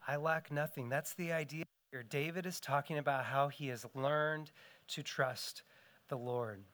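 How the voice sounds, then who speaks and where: A man's voice: a little high, a bit bright, clean tone. A middle-aged man preaching a sermon as pastor in an earnest style, his voice rising and falling for emphasis.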